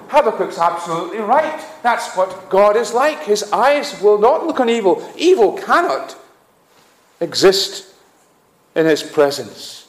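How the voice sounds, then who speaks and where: A man's voice: fairly high pitch, very animated, moderate pace, reverberant. A man preaching a sermon with earnest emphasis, often restarting with "uh". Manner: earnest, rising emphasis on key phrases, frequent "uh" restarts.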